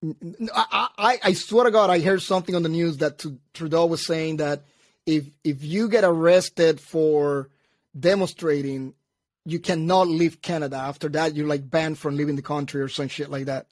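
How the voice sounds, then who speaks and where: A man telling a story in casual chat, animated, acting out both sides and laughing at himself. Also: on the high side, moderate pace, dry recording, clean studio sound.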